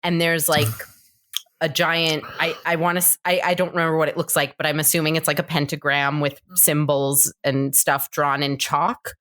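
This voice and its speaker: A woman's voice: low-pitched, normal speed. A woman co-hosting a podcast, chatting casually and retelling a movie scene by scene, acting out the characters' lines. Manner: animated storyteller, acts out characters' lines. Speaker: podcast co-host. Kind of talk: casual chat recapping a movie.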